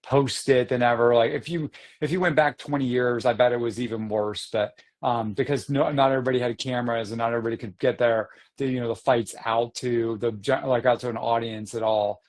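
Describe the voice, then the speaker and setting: A man's voice: medium pitch, fairly even intonation, fairly quick, hardly any pauses. Easygoing self-deprecating man. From Boston area. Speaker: podcast co-host. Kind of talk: casual chat.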